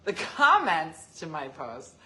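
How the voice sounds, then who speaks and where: Bright, lively woman chatting on a stream. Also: sits low, takes it slowly. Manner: joking, teasing, talks back to comments. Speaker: live-stream host reading viewer comments. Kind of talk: casual chat.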